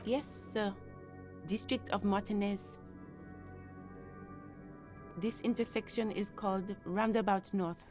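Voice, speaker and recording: A composed young woman in a detective game, played by a woman, polite and calm, with a mid-pitched, even voice. Soft music sits faintly behind her. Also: slow, pauses often, close to an everyday voice.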